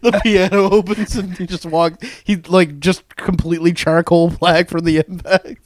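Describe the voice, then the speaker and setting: A man's voice: sits high, steady tone, normal speed, no echo, clean studio sound. A man co-hosting a casual comedy podcast who rambles loosely and swears casually. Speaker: podcast co-host.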